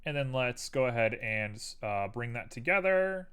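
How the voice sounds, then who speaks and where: A man's voice: mid-range voice, animated, moderate pace, a bit bright, clear, resonant tone. A man hosting a live stream, casually chatting and thinking aloud to viewers as he builds a 3D model.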